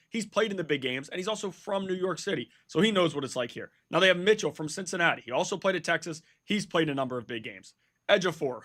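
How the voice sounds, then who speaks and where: Male betting-show host with a bright, fairly high voice; earnest, stat-heavy, insistent. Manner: earnest, stat-heavy, repeats himself when emphatic. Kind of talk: sports betting analysis.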